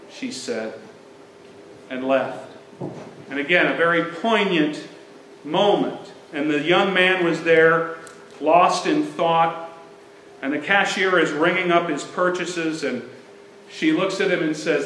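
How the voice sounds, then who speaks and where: Middle-aged male pastor, high bright voice, unhurried storytelling sermon, echoey sanctuary. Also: a little hiss or hum. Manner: storytelling, building to emphatic preaching. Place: church sanctuary.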